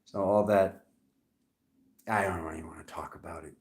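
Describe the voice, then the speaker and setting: Heated, rambling tarot reader in an echoey room. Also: male voice, low-pitched, fairly even intonation, moderate pace. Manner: heated, ranting, talks over himself. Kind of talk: live tarot reading.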